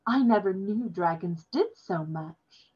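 A woman reading aloud and voicing a polite, gentle woman who speaks softly and slowly. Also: mid-range voice, animated, breathy edge. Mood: gracious, polite. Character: polite gentle adult woman, a kindly host. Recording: dull lo-fi recording.

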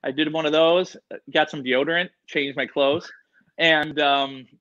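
Bright, excitable man telling stories. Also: on the high side, unhurried. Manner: excitable, rambling, lots of fillers and quoted voices. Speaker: guest, animal expert. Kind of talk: excited storytelling in casual interview. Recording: dull lo-fi sound.

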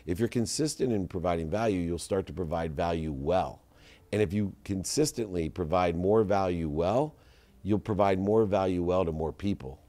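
A middle-aged man, a guest entrepreneur, telling stories in a casual podcast conversation and slowing down to stress advice. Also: low voice, dark tone. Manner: storytelling, slows down to stress advice.

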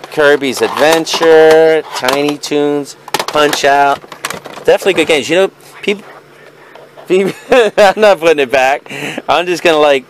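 A man's voice: a little high, background noise. A young man vlogging as a video game reseller, chuckling and rambling as he goes through a haul in casual banter. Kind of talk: casual vlog unboxing.

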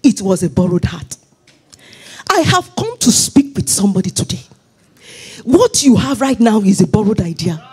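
Woman pastor, husky, fervent sermon, lively swooping delivery, half-sung lines. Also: medium pitch, moderate pace, long pauses. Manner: fervent preaching that slides into sung phrases. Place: church.

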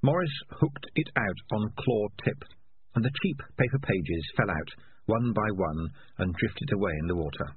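A man narrating an audiobook in an expressive reading voice. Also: on the low side, moderate pace. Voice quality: husky. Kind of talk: scripted narration. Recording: lo-fi phone-like sound.

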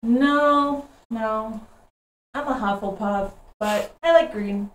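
Slow-talking woman improviser. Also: on the high side, recorded from a distance, slight background noise. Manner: playful, drawn-out questioning. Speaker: improv game contestant. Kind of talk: improv comedy. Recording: echoey stage from afar.

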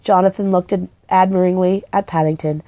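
A woman gently and expressively reading a children's book aloud. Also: on the low side, steady tone, fairly quick, no echo. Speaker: storybook reader.

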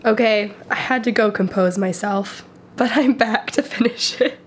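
A woman's voice: fairly high pitch, moderate pace, breathy edge. A young woman giving casual, emotional commentary while she watches a movie, gushing and exclaiming, sometimes whispering. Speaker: movie reaction vlogger.

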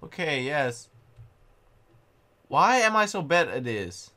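A young man giving excitable, panicky gameplay commentary and often mocking his own mistakes. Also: fairly high pitch, slow. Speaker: gaming channel host.

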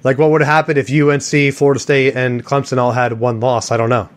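Guy on a sports podcast, rambling and joking, opinionated, mid-pitched voice. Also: level tone, fast talker. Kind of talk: casual sports chat.

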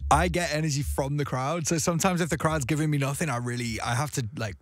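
A man's voice: a little high, quick pace, no room sound. A young man talking casually as a guest DJ in a radio studio interview, chatty and self-deprecating, with frequent restarts.

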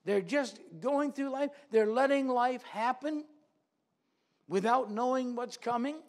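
Male preacher, high-pitched, earnest sermon delivery with repeated phrases, church setting. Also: measured pace.

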